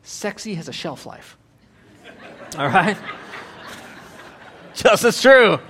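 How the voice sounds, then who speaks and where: A middle-aged man preaching a sermon as a pastor, animated and joking, acting out voices as he goes. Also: high-pitched, drawn-out words, a faint crowd, a little hiss or hum.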